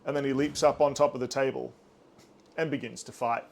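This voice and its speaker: A man's voice: medium pitch, steady tone, a little fast, gravelly, slight background noise. A man narrating a tabletop game as game master, casual and descriptive with a playful touch.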